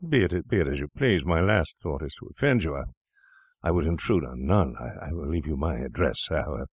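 A man's voice: rumbling low, animated, husky, dry recording, clean studio sound, heavily acted. A man playing a flustered, stammering old doctor. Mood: placating. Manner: stammering, hurried, placating. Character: flustered well-to-do elderly male doctor.

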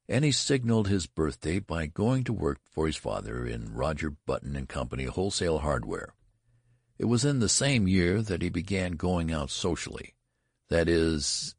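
A man narrating a story in a measured, unhurried way, with a gravelly, husky voice. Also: a bass voice, dry recording, clean studio sound. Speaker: audiobook narrator.

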